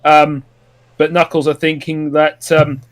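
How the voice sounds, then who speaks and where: A man's voice: on the high side, flat delivery, a little slow. Rambling man recapping a plot. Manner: rambling, many ums and restarts. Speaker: podcast co-host.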